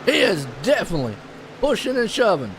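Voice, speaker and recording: A man calling a live sim race play-by-play, excitable and folksy. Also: high-pitched, brisk, noisy background. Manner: excitable, folksy, puzzled asides. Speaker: race commentator.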